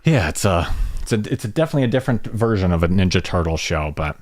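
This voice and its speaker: A man hosting a podcast, asking questions in a relaxed, self-deprecating way. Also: sits low, fast, dry recording, clean studio sound. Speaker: podcast host. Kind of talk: casual podcast interview.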